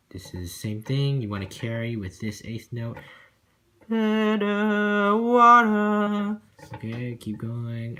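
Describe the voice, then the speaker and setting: A man's voice: lowish voice, dark tone. Man singing rhythms in a cello lesson. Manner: sings rhythms aloud as "da, da", often checks with "okay?"; casual, apologetic asides. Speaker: cello teacher. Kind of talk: music lesson walkthrough.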